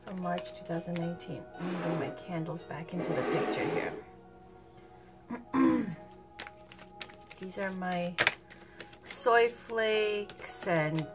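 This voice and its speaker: A woman giving a casual tarot reading, talking in a chatty, unhurried way and thinking aloud as she goes. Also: medium pitch. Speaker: tarot reader. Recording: music playing underneath.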